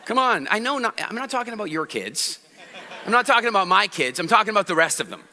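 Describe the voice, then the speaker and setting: A man with a voice that sits high talks fast onstage about public speaking to a live audience, telling animated stories and asking the crowd questions. The sound is that of a big room, with some chatter in the background.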